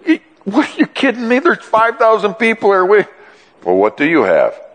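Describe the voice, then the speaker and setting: A man's voice: lively intonation, measured pace. A man voicing exasperated, disbelieving male disciples, incredulous and mocking, in a large echoing hall. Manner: incredulous, mocking, high-pitched whining. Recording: long reverb in a large hall.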